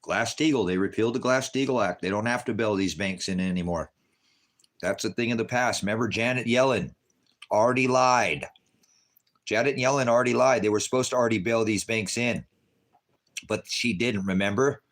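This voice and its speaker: A man's voice: lowish voice, normal speed, a bit bright. A man, a preacher, talking casually to his viewers from a farmhouse, rambling between warnings and baby talk to his cat.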